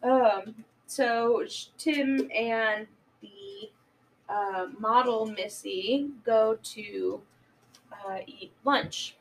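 Woman, podcast co-host, meandering stoned recap delivery, high voice, slightly distant mic. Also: extremely slow. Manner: rambling, filler-heavy retelling, acting out quotes. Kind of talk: casual movie recap chat.

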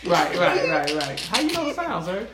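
A man's voice: a little high, sing-song, normal speed, a loud crowd. A man co-hosting a casual comedic chat about odd news, joking, cursing and laughing often. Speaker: co-host.

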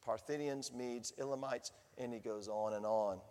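A man preaching a sermon, animated, swinging from hushed lines to booming ones. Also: measured pace, big-room sound. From Southern United States. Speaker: pastor.

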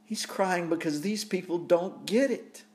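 Slow, reflective male preacher. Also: high-pitched, darkish tone. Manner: reflective, repeats rhetorical questions. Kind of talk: sermon reading and reflecting on scripture.

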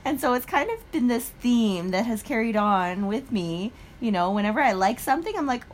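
A young adult woman co-hosting a podcast in casual chat, telling stories in an animated way and laughing often. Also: medium pitch, a little fast, few pauses, a little hiss or hum. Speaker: podcast co-host.

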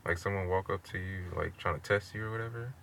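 A young man co-hosting a podcast in a car, telling a story in relaxed slang full of "like". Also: sits low, quick pace, creaky, slight background noise. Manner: relaxed slang, many "like" fillers. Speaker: podcast co-host. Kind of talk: casual storytelling chat. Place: inside a car.

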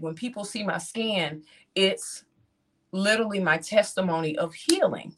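A woman in her thirties, speaking, tells a personal testimony in animated style and acts out her own reactions as she talks to the audience. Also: medium pitch, a little slow. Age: 30s. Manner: talks straight to the audience, calls them "y'all".

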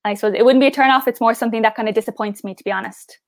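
A woman's voice: a little high, rapid-fire, no room sound, clean studio sound. A young woman with an Irish accent, a guest in a casual interview, chatty and upbeat with lots of "like" and "I suppose". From Ireland. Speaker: interview guest, pageant finalist.

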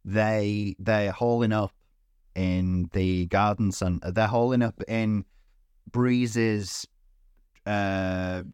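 Brief: male podcast co-host, lowish voice, dry close sound, animated and profane film recap. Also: drawn-out words, clear, resonant tone, no room sound. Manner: animated, swearing, puts on voices for film characters. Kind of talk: casual film recap chat.

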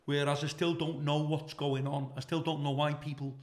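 This Scouse-accented guest comedian from Liverpool, a middle-aged man, swaps stories in relaxed conversation, cursing liberally and livening up whenever he imitates other people. He talks at a normal speed in a voice on the high side.

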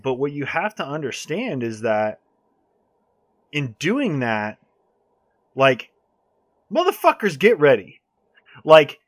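A man's voice: mid-range voice, a bit bright, no room sound. Heated, profane man with dry sound. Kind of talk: casual podcast chat.

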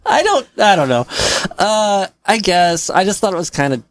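A woman co-hosting a movie podcast, her pitch swinging widely as she argues her point with skeptical energy. She laughs often between remarks. The sound is dry and close. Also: sing-song, normal speed, no room sound. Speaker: podcast co-host. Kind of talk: casual movie discussion.

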